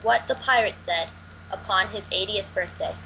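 A woman's voice: mid-range voice, moderate pace, gravelly, background noise. A woman co-hosting a movie podcast, playful and argumentative in banter. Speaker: podcast co-host. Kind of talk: casual chat.

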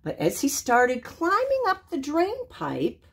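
Older woman reading a story slowly. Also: high voice. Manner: slow, expressive, animated reading. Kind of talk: children's story read-aloud.

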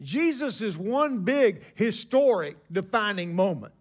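A man in his sixties preaching a sermon, telling stories with emphatic pauses. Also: sits high, very animated.

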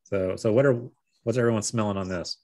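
A man hosting a casual virtual wine tasting over a video call, talking in halting bursts with repeated words and frequent laughs. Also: fairly low pitch, darkish tone, a little hiss or hum.

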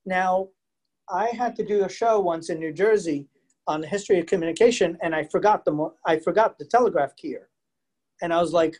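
Male museum educator, chatty and animated, live virtual lecture on a video call. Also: high voice, brisk. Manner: chatty, animated, asks the audience questions. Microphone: computer mic on a video call.

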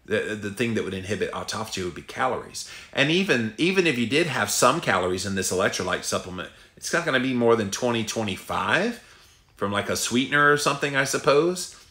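A middle-aged podcast host with a Southern US drawl answers listener questions in a candid, folksy way, often pausing on "uh" and "um." His voice sits a little low. It is bright and pushed forward, and it echoes around a live room. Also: sing-song. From Southern United States. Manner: folksy, candid, thinks aloud with fillers.

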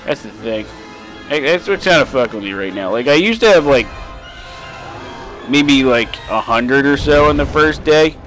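A young man giving casual, rambling let's play commentary, swearing freely and breaking into sudden shouts. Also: mid-range voice, expressive, moderate pace, faint music behind. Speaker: gaming commentator.

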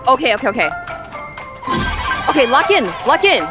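A woman playing a VR game and commenting as she goes, excitable and quick to yelp apologies. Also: sits high, music in the background. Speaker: gaming YouTuber. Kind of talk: let's play commentary.

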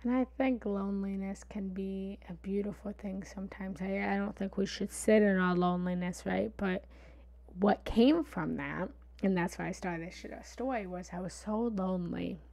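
A woman's voice: mid-range voice, fairly even intonation, moderate pace, gravelly, a little mellow. A woman who coaches meditation, telling a personal story in a candid, vulnerable way on a live stream, with frequent fillers and asides of "right?". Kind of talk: live-stream confessional talk.

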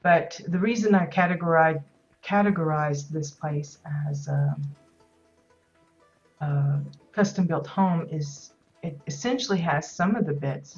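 Low-voiced woman, casual rambling commentary. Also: a little mellow, lo-fi sound. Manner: rambling, many ums and restarts. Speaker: host touring player houses in a game.

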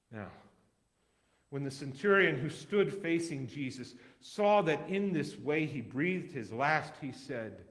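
A man reading scripture aloud as a dramatic recitation in a church, measured, with wide swings in loudness. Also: a little high, animated. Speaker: scripture reader.

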